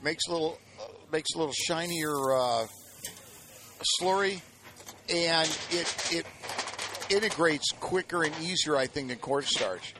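A man's voice: fairly high pitch, a little slow, long pauses, background noise. A man co-hosting a cooking show, joking and rambling with many fillers. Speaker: co-host. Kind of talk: casual cooking show banter.

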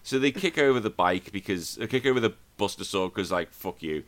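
A podcast host with a low, forceful voice, walking through a film scene by scene. He swears freely and gets animated as he recaps in loose, casual chat. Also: a little fast, hardly any pauses. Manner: profane, animated scene-by-scene retelling. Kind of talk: casual movie review chat.

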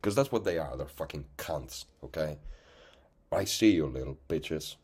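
A man's voice: rumbling low, lively intonation, moderate pace, darkish tone, breathy edge. A man delivering a blunt, profane rant with open contempt, often tagging his points with "okay?". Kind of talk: angry profane rant to camera.

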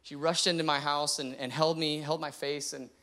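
A man's voice: on the high side, little pitch movement, normal speed, sharp tone. A young adult man, a pastor, telling a personal story from the pulpit in an earnest, heartfelt way. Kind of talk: personal testimony sermon.

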